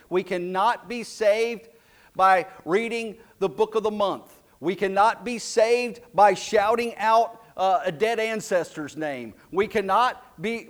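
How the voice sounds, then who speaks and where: A man preaching a sermon as pastor, slow and emphatic, dropping his voice low and soft for key lines. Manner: slow, emphatic preaching with dramatic drops to a hush.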